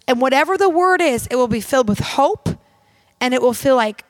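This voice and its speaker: A woman minister preaching with a high, bright-pitched voice. She speaks emphatically and directly, in a conversational way that calls out to the people listening. The sound is dry and close, with no room echo. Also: animated, fairly quick. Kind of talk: sermon.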